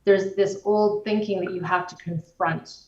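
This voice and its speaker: A woman guest explaining the nervous system in a measured way, using everyday examples. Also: on the low side, fairly even intonation, darkish tone. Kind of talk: explanatory conversation. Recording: roomy, distant, dull-sounding recording.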